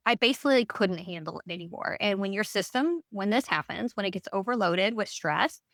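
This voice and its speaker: A woman speaking as a podcast guest, telling her story in a candid, expressive way. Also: mid-range voice, dry recording. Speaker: guest, breathwork guide. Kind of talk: podcast interview.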